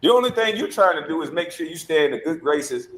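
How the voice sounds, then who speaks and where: Animated, mocking man ranting. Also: on the high side, fast, a little hiss or hum. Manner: taunting, animated, mocking impressions. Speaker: show host. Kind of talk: heated casual rant.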